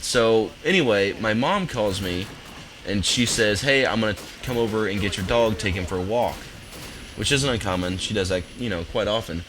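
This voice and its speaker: A young man commentating his gameplay from a home office, telling a story in a relaxed, rambling, amused way. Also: on the low side, normal speed, music in the background, poor audio. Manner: laid-back, rambling, amused. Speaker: gaming commentator. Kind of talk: casual storytelling over gameplay.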